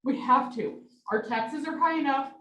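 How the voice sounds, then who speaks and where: A mother on the verge of crying pleads at a public meeting. Her voice is high and strained with emotion. She stands away from the mic in an echoey hall. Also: normal speed, pushed and bright, far from the mic. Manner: emotional, near tears, pleading. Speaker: parent giving public comment. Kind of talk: public comment speech.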